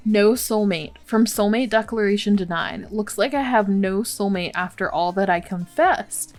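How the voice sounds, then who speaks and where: A woman's voice: mid-range voice, a little slow, hardly any pauses, soft background music. A woman hosting a Let's Play, giving casual, chatty gameplay commentary full of exclamations and laughter.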